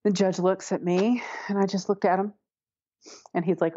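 A woman's voice: mid-range voice, flat delivery, moderate pace, mellow, dry recording, lo-fi sound. A woman telling a personal story in an interview, candid and wry, often laughing as she talks. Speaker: interview guest.

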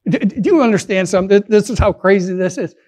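A man's voice: sits high, fast, darkish tone. A middle-aged man preaching a sermon as pastor, earnest and conversational, often restarting his words.

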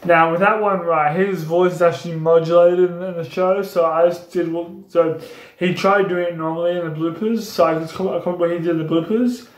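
In an echoey room, a young YouTuber chats casually in a vlog about doing voice impressions. His voice is fairly high with fairly even intonation and a slightly fast pace, and he rambles and repeats himself.

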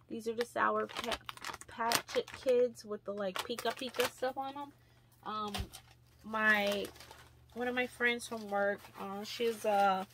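A young woman talks to her viewers in a loose, chatty vlog, full of ums and likes and breaking into excited gushing. Her voice sits in a middle register with a steady gravelly fry at the ends of phrases. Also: mid-range voice, a little hiss or hum. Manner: chatty, gushing, with many fillers. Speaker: vlogger. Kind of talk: casual vlog chat.

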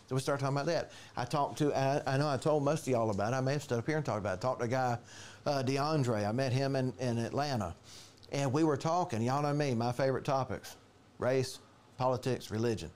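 Animated man preaching casually. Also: quick pace. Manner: animated, storytelling, jumps to higher pitch for quoted voices. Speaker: pastor. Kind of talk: conversational sermon.

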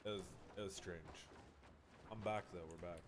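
A young man streaming a game with a teammate, losing his voice, loudly thanking subscribers in casual hyped chat. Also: low voice, steady tone, normal speed, very noisy.

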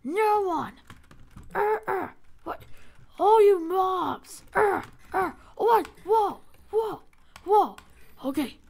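A female gamer giving excitable live commentary while she plays, talking to the game and to her viewers. Her voice is high-pitched and her speech slow and drawn out. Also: gravelly. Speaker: gaming channel host.

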